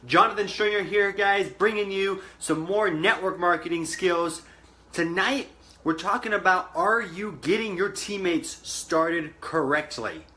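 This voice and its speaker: A man coaching on network marketing, telling a long story in an animated way and acting out the voices he quotes. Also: high-pitched, measured pace. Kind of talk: motivational vlog talk.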